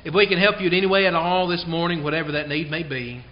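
A man preaching a sermon in a church service, earnest and emphatic, slowing down to stress key phrases. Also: on the high side, fairly even intonation, slight background noise. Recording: dull lo-fi sound.

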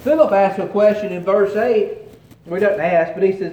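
High-voiced man preaching in an echoey church. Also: darkish tone. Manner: earnest, emphatic preaching with dramatic pauses. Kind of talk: sermon. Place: church sanctuary. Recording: roomy church with faint ambience.

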